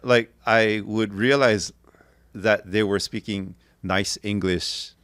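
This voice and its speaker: A man's voice: fairly low pitch, steady tone, takes it slowly, a bit bright, clean tone, no echo. A middle-aged man from Kaua'i, talking as a podcast guest in an emphatic, opinionated way. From Kaua'i, Hawaii. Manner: emphatic, opinionated, acts out quotes. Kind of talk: casual interview chat.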